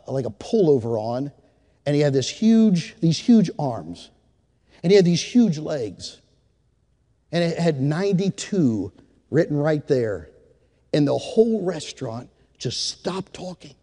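A man's voice: a little high, warm tone, big-room sound. A man preaching a sermon, telling a story and then rising into fervent exhortation to his congregation. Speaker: pastor.

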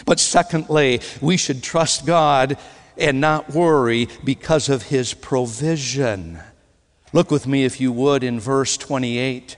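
Guy preaching slow n dramatic, loud then hushed, big echoey church hall. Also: mid-range voice. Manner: dramatic, swinging between loud emphasis and hushed tones. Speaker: guest preacher. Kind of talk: sermon. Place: church sanctuary. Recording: long hall reverb.

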